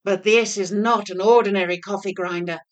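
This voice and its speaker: A woman voicing a bossy male master devil in a storybook tale, commanding and booming. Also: steady tone, moderate pace, muffled recording, natural voice. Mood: persuasive.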